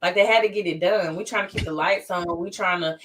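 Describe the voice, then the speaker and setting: A woman's voice: on the low side, steady tone, brisk, a bit bright. A woman co-hosting a casual podcast conversation, explaining things and acting out quoted people. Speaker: podcast co-host.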